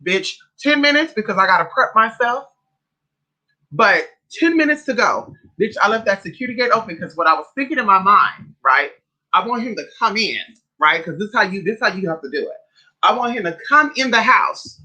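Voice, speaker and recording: A man from California tells his livestream audience a story, swearing freely and calling listeners "honey" and "y'all". His voice sits high and rings sharp and bright. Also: expressive, normal speed, rough recording. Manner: profane, dramatic, calls listeners "honey" and "y'all". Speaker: spiritual livestream host. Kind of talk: casual storytelling to a live chat.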